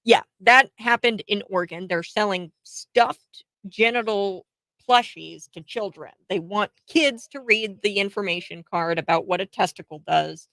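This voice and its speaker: A woman's voice: mid-range voice, measured pace, fairly bright tone, no echo, rough recording. A woman hosting a commentary show, talking in a chatty, sarcastic way with many filler words and short laughs. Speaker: host. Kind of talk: political commentary.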